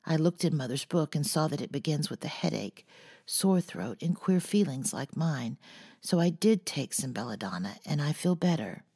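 A woman voicing a gentle, shy teenage girl who speaks softly and mildly, in an audiobook. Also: low-pitched, lively intonation, normal speed, vocal fry, breathy edge, full character voice. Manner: soft, quiet and mild.

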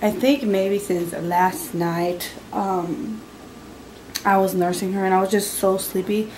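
A woman's voice: medium pitch, steady tone, slow, noisy background. A young woman talking casually to camera about her day at home, chatty, at times cooing to a fussy baby. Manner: chatty, soothing baby in a sing-song voice. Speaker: vlogger, mother. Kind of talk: casual family vlog talk to camera.

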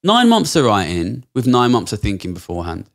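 A man's voice: on the low side, huge pitch swings, fairly quick, gravelly. A man in his thirties from England, a podcast guest talking bluntly and passionately, swearing a lot. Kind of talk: casual interview talk.

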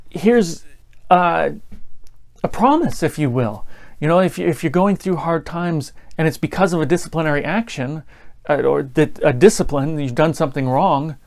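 A man's voice: fairly high pitch, darkish tone. A man preaching a sermon in a conversational way, with laughter and acted-out stories.

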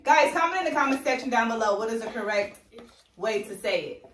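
A woman's voice: on the high side, expressive, a little fast, a bit bright, recorded from a distance. A woman hosting her family's vlog, chatting casually and directing her kids during a meal at home. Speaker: family channel host. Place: home living room, eating on the floor. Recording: roomy echo from a camera across the room, faint noise.

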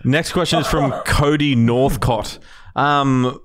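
A man's voice: medium pitch, takes it slowly, a crowd in the background. A man on a podcast reading out listener questions in a casual, matter-of-fact way. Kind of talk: casual chat.

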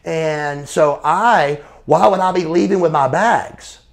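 A man's voice: a little high, slow. A man in his forties, a former pro wrestler being interviewed, telling profane, blunt stories in a casual way. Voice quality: gravelly. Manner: profane, blunt storyteller calling the listener brother.

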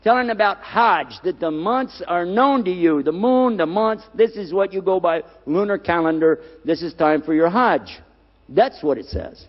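Animated older male preacher in a hall. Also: sits high, lo-fi sound. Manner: animated, questions the audience, repeats key words. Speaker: Islamic preacher. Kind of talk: lecture to an audience.

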